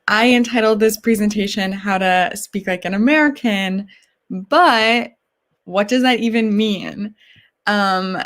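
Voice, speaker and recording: A woman from New York giving a live online presentation, explaining in a chatty way with frequent pauses. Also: medium pitch. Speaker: guest presenter.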